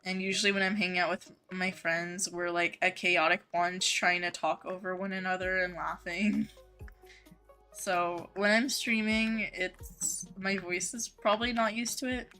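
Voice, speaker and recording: With faint music behind her, a woman game streamer reads chat in a lowish, bright, forceful voice, delivered flat and unhurried. She's chatty and casual with viewers, laughing easily and sprinkling in frequent "like" and "um."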